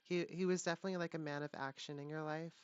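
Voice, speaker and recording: Low-voiced woman giving a tarot reading. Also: fairly even intonation, clear, resonant tone, no room sound. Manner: halting, full of fillers and restarts. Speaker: tarot reader. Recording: dull lo-fi, dry sound.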